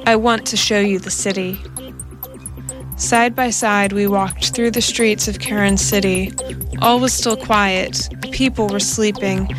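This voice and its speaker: A woman narrates an audiobook in a slow, unhurried way. Her voice sits at a middling pitch and her phrasing is deliberate. Soft music plays faintly behind her. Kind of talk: audiobook reading of a science fiction story.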